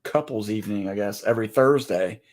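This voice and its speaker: A man's voice: on the low side, a little fast. A middle-aged man co-hosting a casual livestream, joking and rambling with frequent restarts. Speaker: co-host of a livestream. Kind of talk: casual live chat.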